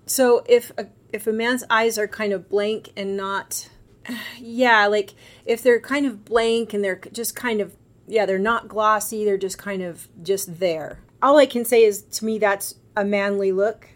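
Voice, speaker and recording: A middle-aged woman, a guest on a podcast, telling a personal story in a casual, animated way and acting out the other people's lines. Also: medium pitch, unhurried. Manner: animated, acts out quoted voices.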